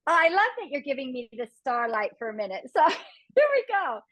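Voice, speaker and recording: A woman's voice: sits high, a little fast, dry recording, low-quality recording. A woman in her fifties from Phoenix, a reality show contestant telling stories in a casual interview, laughing often and acting out quotes. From Phoenix, USA. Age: 50s. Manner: laughs often, animated storytelling with acted quotes.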